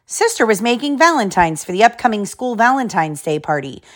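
A woman's voice: on the high side, big pitch swings, fairly quick. A woman reading a children's picture book aloud to her kids, in a storytelling, sing-song way.

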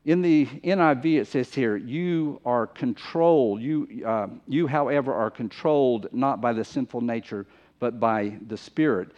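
A man's voice: medium pitch, unhurried, darkish tone. A man preaching a sermon in an emphatic, conversational way, often repeating phrases for stress. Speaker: pastor. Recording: muffled lo-fi recording.

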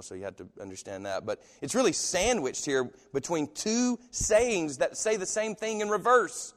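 A man preaching a sermon in a casual, conversational way, acting out the voices of the people he quotes. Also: on the high side. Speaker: pastor. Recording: long hall reverb.

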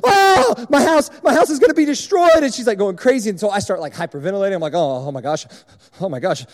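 Animated young preacher in an echoing hall. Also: male voice, sits high. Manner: animated, self-mocking storyteller. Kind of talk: sermon storytelling.

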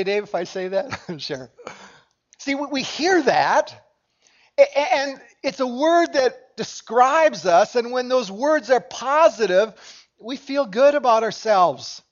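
A man's voice: extremely high pitch, animated, takes it slowly, lo-fi sound. A man preaching a sermon as pastor, talking in a conversational way and asking his congregation questions. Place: church sanctuary.

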